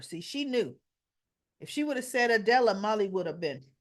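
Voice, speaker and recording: A woman's voice: mid-range voice, expressive, normal speed. A woman giving a casual, chatty recap of a soap opera episode. She retells the scenes by quoting the characters' lines and adds conversational asides to her viewers.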